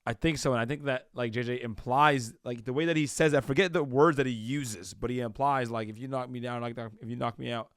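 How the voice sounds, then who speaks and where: A man co-hosting a casual podcast chat, animated and quick to laugh. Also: mid-range voice, clean tone, dry recording, clean studio sound. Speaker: co-host.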